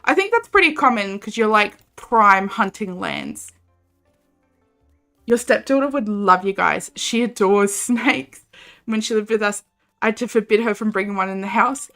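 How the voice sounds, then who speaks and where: A woman's voice: mid-range voice, lively intonation, normal speed, pushed and bright, soft background music. A young Australian woman chatting casually and animatedly while streaming a game, reading chat and laughing often.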